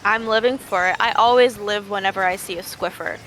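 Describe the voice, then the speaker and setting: A woman's voice: mid-range voice, fairly quick, a bit bright, slight background noise. A young woman commentating a live esports tournament, joking in playful mock outrage and wandering off on tangents.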